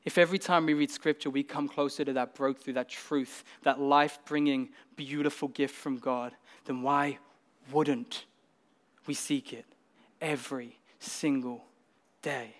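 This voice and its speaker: A man's voice: medium pitch, fairly even intonation, measured pace. A man preaching a sermon, earnest and building to emphatic peaks, often repeating words as he goes.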